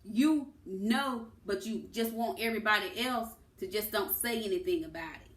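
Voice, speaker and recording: A woman's voice: mid-range voice, normal speed, slight background noise. A woman giving a political commentary monologue, impassioned and emphatic, stressing her words. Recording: echoey room.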